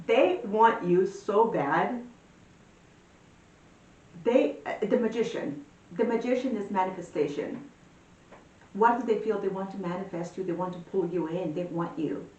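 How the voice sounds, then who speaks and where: A woman giving a casual tarot reading, talking in a chatty, animated way with many fillers. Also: moderate pace, recorded from a distance, muffled recording. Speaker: tarot reader. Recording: echoey room, voice a bit off-mic, faint rumble.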